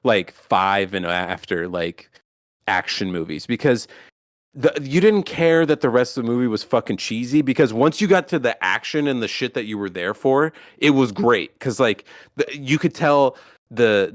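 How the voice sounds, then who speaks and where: A man co-hosting a podcast, talking casually in a rambling, profane, animated way with lots of restarts. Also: mid-range voice, normal speed, no room sound, clean studio sound. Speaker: podcast co-host.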